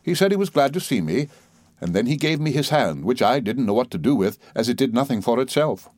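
A man narrating a novel in a measured, steady reading. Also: mid-range voice, no echo. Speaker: audiobook narrator. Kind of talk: scripted narration.

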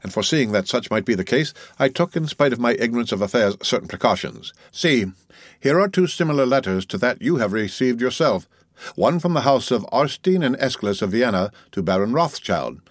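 A man reading the part of a cold, suave, gentlemanly wealthy count, in a coolly ironic, unhurried manner. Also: mid-range voice, expressive, no echo, studio quality, natural voice. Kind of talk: audiobook character reading.

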